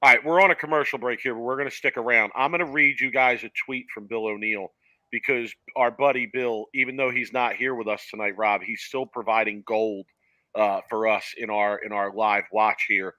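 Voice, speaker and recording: A man's voice: mid-range voice, fairly even intonation, moderate pace, pushed and bright, no room sound, rough recording. A man hosting a live bowling podcast, chatty and emphatic as he reads posts aloud and gives opinions. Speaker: podcast host. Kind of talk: live sports commentary chat.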